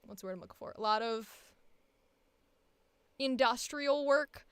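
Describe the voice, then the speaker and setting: A woman's voice: a little high, measured pace, smooth, no echo. A woman coaching voice acting, rambling cheerfully, swearing freely and laughing often as she talks. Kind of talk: casual coaching chat.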